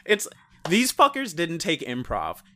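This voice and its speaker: A man co-hosting a podcast, chatting casually about a movie and retelling scenes in a rambling, animated way, swearing and laughing often. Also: on the high side, measured pace. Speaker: podcast co-host reviewing a movie. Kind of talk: casual chat.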